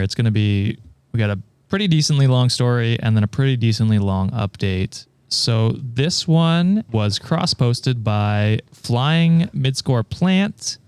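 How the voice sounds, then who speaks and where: A man with a smooth, clear voice reads a story aloud on a podcast. The sound is close and dry, and he holds a steady reading pace. In the banter between passages he laughs easily. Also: medium pitch, measured pace, no room sound. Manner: steady reader, laughs often between remarks. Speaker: podcast host reading stories. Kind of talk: reading aloud and casual chat.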